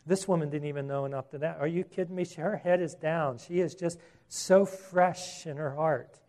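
A man's voice: on the high side, normal speed, darkish tone. A man preaching a sermon, earnest, with repeated words and rhetorical questions.

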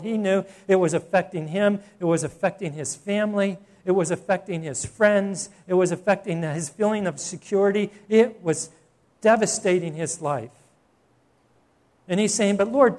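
A man preaching a sermon in a conversational way, often asking the congregation questions. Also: high-pitched. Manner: conversational preaching with rhetorical questions and soft laughs. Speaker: pastor.

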